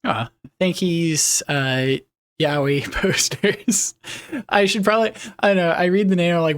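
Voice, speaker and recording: Young male streamer, light higher voice, rambly, reads chat aloud, laughs easily. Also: measured pace, clean tone. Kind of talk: casual live-stream chat.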